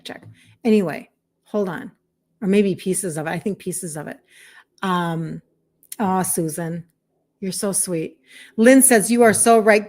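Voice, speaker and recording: A woman's voice: mid-range voice, a little mellow. A woman in her fifties, a health coach, chatting casually on a live stream, reading out viewer comments and encouraging them with many fillers. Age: 50s.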